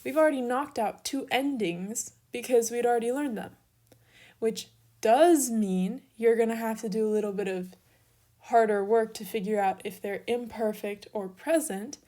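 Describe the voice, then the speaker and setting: A woman's voice: a little high, normal speed, warm tone. A young woman giving a recorded grammar lesson, explaining each step patiently while she writes out examples. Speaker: teacher.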